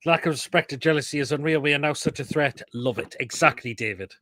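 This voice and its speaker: A man's voice: on the high side, fast, sharp tone, no room sound. Male host of a live football chat show, blunt and sweary, dry close sound. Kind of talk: casual live football chat, reading viewer comments.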